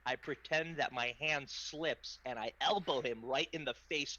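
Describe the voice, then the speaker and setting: A man playing a tabletop game, excitable and hamming up panic and comedy in character. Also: medium pitch, measured pace, highs cut off, slight background noise. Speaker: player. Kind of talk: tabletop role-play.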